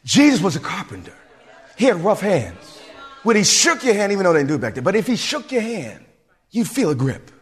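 A male pastor preaching a sermon in an animated way, repeating fillers as he speaks. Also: high voice, brisk, breathy edge, soft background music. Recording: reverberant hall.

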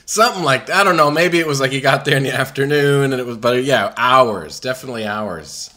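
A man with a bright, forceful voice at an ordinary male pitch, chatting loosely on a podcast. He laughs often and tells his stories in a rambling, irreverent way, with the odd curse thrown in. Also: animated, brisk. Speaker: podcast co-host. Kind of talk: casual chat.

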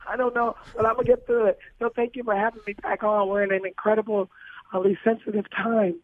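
A woman guest on a radio show, hoarse from losing her voice, talking in an earnest, lively way. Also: on the high side, quick pace, dry recording. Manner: earnest and lively, laughs easily. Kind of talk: radio interview by phone. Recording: tinny phone line.

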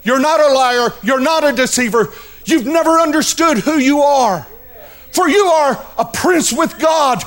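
A man's voice: extremely high pitch, expressive, unhurried, fairly bright tone, voice pushed up, heavily acted. A man voicing a stern, authoritative male angel, speaking with emphatic, commanding force.

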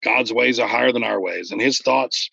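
A man in casual conversation about faith, explaining earnestly and getting animated when he retells stories. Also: medium pitch, normal speed, vocal fry, no echo, dull audio.

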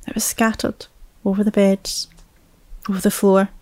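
A woman, a mother, telling a personal story in a reflective way, often dropping to a hushed whisper. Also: medium pitch, level tone, moderate pace, no room sound.

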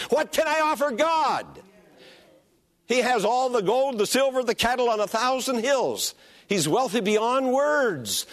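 A man's voice: high voice, fairly bright tone. A man preaching a sermon as pastor, emphatic and repetitive, drawing out key phrases and calling on listeners to repeat them.

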